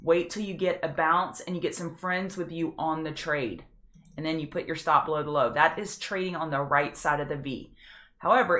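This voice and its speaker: A woman hosts a live stock market prep show, walking through charts in a chatty way and quickly becoming emotional, even tearing up. Her low-pitched voice sounds pushed and bright.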